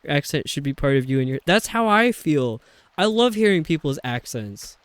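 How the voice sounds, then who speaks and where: A man's voice: on the high side, big pitch swings, normal speed, clear, resonant tone, no room sound. A man streaming a video game, chatting casually and rambling with lots of fillers. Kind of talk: casual chat while playing a video game.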